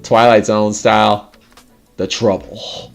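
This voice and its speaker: A man hosting a casual livestream chat, animated, laughing often and swearing casually. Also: lowish voice, slow pace, vocal fry, soft background music. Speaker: livestream host.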